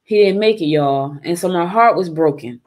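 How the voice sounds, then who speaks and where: A woman's voice: lowish voice, normal speed, a little mellow. A woman hosting a live show in casual chat, talking straight to her listeners and repeating her points. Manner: chatty, repeats phrases, addresses listeners as y'all. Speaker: host.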